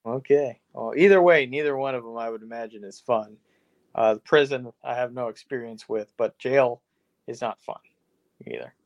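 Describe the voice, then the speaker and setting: A man's voice: mid-range voice, normal speed, dull audio. Rambling, self-deprecating male podcaster. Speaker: podcast co-host. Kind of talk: casual podcast chat.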